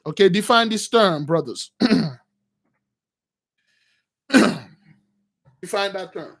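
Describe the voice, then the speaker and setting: A man preaching, retelling a Bible story in loose slangy talk and acting out the characters with shouts and laughs. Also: high-pitched, animated, unhurried.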